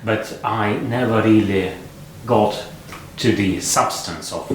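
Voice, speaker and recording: A man's voice: fairly low pitch, slow. A man joining a casual poem discussion with joking, offhand remarks. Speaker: discussion participant. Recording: echoey room, distant mic, crowd noise.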